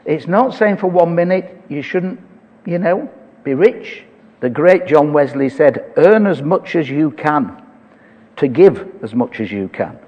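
A man's voice: fairly high pitch, animated, a little slow, a little mellow, in a large hall, dull audio. A man preaching a sermon, reading scripture aloud and talking it through conversationally with touches of humor.

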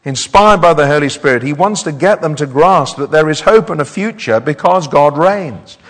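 A man preaching a sermon, animated and often repeating words as he builds up. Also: fairly high pitch, moderate pace. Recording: hall reverb.

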